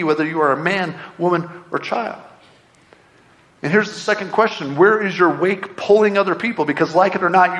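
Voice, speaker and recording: A man's voice: a little high, a bit bright. A middle-aged man preaching a sermon, earnest and conversational, full of repeated rhetorical questions. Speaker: pastor. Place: church sanctuary.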